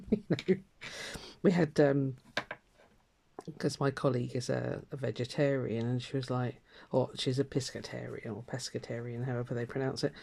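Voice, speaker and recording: An older woman rambles through a casual catch-up as she stitches, her voice mellow and soft-edged. She drifts between topics with plenty of fillers and light laughter. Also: very deep voice, gravelly. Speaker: craft vlogger. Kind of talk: casual chat while stitching.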